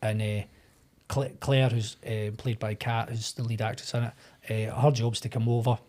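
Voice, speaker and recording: A Scottish man, an actor and podcast guest, telling a long anecdote in a casual, animated way, acting out the voices of the people in it. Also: mid-range voice, moderate pace. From Scotland. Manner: animated anecdote-telling, acts out quoted voices, swears freely. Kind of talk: casual storytelling.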